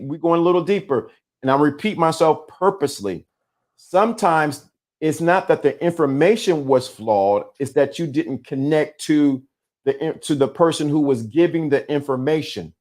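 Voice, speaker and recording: A man's voice: fairly high pitch, a little mellow. A middle-aged man hosting a live-streamed talk, speaking with emphatic repetition and a preacher-like cadence. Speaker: host.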